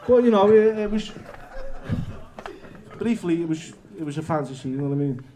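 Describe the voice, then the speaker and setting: A man's voice: a little high, expressive, brisk, noisy background. A man telling candid stories and reading his own book aloud at a bookshop event, frank and self-mocking, chatty with lots of fillers. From England.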